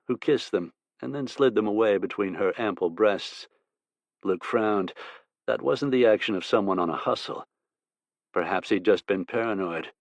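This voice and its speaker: Guy narrating a western audiobook, steady and even, deep-ish voice. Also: dry recording, lo-fi sound.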